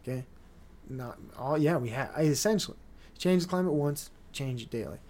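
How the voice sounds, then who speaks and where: A young man hosting a solo podcast, telling stories in a loose, excitable way, swearing often and laughing between lines. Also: medium pitch, moderate pace. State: dry mouth. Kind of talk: casual solo monologue.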